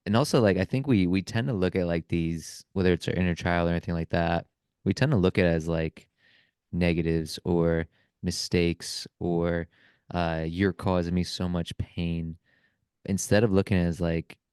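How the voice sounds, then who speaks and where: A man's voice: low voice, steady tone, normal speed, a little mellow, clear, resonant tone, no room sound, studio quality. A man hosting a podcast, talking earnestly and reflectively, often checking in with "right?". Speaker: podcast host. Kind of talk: reflective casual conversation.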